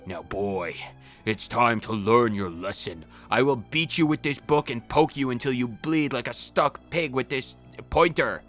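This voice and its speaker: A man voicing a stern, cruel old male ghost headmaster, talking in a slow, strained, menacing growl. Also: medium pitch, a bit bright, faint music behind, lightly acted.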